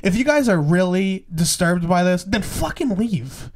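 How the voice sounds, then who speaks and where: A man's voice: high voice, very animated, measured pace, background noise. A man co-hosting a podcast, talking bluntly and profanely in casual joking chat. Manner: blunt, profane, jokey, laughs often. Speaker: podcast co-host.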